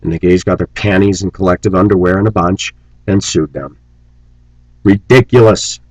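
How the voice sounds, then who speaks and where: A man's voice: fairly even intonation, moderate pace, a little mellow, dry recording, poor audio. A man delivering an angry, preachy rant on his vlog, scornful and sarcastic. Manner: mocks opponents in shrill put-on voices. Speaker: vlogger.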